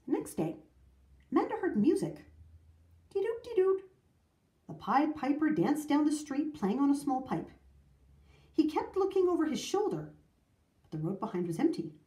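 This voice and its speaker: A woman reading a children's math storybook aloud in an expressive, sing-song way. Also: high voice, moderate pace, echoey room.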